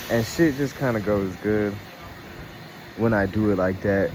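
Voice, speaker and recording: A young man with a low, deep voice rambles through a casual travel vlog, swearing freely. He is recorded on a phone held at arm's length outdoors, with insects and passing traffic clearly heard behind him. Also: unhurried. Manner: profane, rambling, talks through frustration and laughs at it. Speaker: show host.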